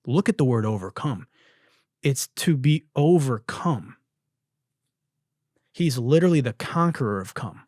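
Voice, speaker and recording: A young man runs a comedy podcast, riffing on viral clips with a loose, profane edge and frequent laughter. His voice sits at a middle pitch and comes across close and dry, with no room sound. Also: expressive, unhurried, pauses often, a little mellow, dry recording. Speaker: podcast host. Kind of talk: casual comedic commentary on viral videos.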